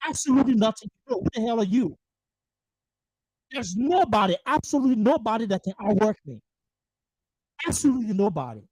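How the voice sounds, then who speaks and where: A furious political host speaking on a livestream, voice pitched in an ordinary middle range. The delivery is emphatic and profane, full of repeated rhetorical questions. The sound is close and dry, with no room around it. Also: sing-song, fairly quick, long pauses, darkish tone, breathy edge, no echo, poor audio. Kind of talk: angry political monologue. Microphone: livestream microphone.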